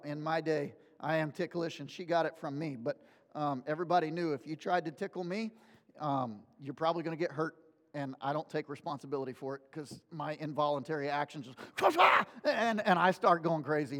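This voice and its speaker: Male pastor, sermon delivery, animated storyteller, higher voice, big reverberant sanctuary. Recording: long hall reverb.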